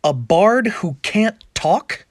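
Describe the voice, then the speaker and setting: A man's voice: high voice, sing-song, slow, no echo. A man reading out a comic list of character ideas, chuckling between them in a playful delivery. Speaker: comedy skit creator.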